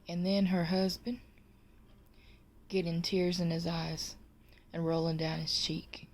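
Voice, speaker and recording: A woman telling a joke to camera, slow and drawn out. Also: on the low side, little pitch movement, darkish tone. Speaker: storyteller.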